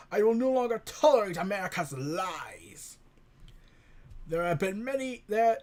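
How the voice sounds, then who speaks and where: Man doing a cartoonish russian leader, grave and formal, put-on accent. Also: high-pitched. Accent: put-on stereotypical Russian. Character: stern male Russian leader declaring war.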